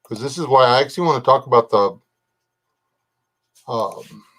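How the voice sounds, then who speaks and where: Older man, folksy rambling livestream talk, chats with viewers, middle-pitched voice. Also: normal speed, fairly bright tone. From Texas. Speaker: livestream host. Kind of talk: casual live chat reading comments.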